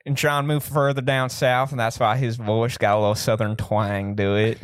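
A man's voice: mid-range voice, little pitch movement, moderate pace, smooth, dry recording. Young guy hosting a chatty podcast, laughs a lot, dry close sound. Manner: laughs often, banters, slips into joke drawl. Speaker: podcast host. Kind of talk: joking casual chat.

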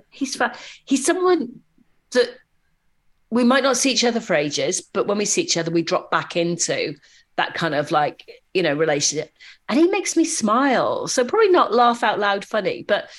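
A woman guest in a casual interview, chatting and telling anecdotes in a lively way. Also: medium pitch. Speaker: podcast guest.

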